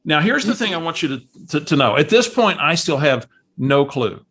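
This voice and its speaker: A man coaching on a call, telling a story in an animated way and acting out the voices of the people in it. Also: on the high side, moderate pace, breathy edge. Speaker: real estate coach.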